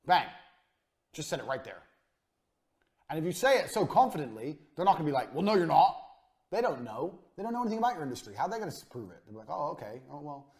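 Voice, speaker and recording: A man's voice: on the high side, very animated, fast. Cocky, punchy male business instructor. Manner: emphatic and cocky, short punchy sentences, swears freely. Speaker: course instructor. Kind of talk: blunt motivational business lecture.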